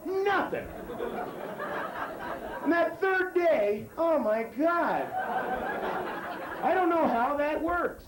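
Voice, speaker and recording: A man doing a profane stand-up routine on a club stage, swinging from high yelps to low mutters. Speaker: stand-up comedian. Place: comedy club stage before live audience. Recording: echoey club with crowd laughter. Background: audience laughter.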